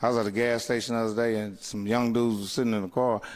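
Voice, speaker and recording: A man doing stand-up comedy, telling profane stories loudly, laughing through them and acting out voices. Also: on the low side, flat delivery, quick pace, long reverb tail. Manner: loud, laughing, acts out voices.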